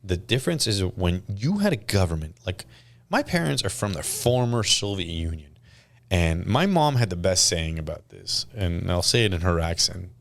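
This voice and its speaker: A man's voice: sits low, moderate pace, creaky. A man in his thirties from Canada, a podcast guest telling stories in casual chat and acting out quotes. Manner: animated storytelling, acts out quotes.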